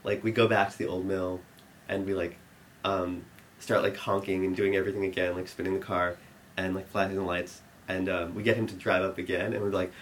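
A young man rambles through a story for an audience, using plenty of fillers and becoming more animated, laughing as it builds. His voice is low-pitched and a little fast, with a bit of hiss or hum in the audio.

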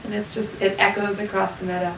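A young adult woman telling a story in a casual, animated way, full of "like" fillers, acting out the people she quotes. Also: mid-range voice, fast, noisy background. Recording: echoey room, mic at a distance.

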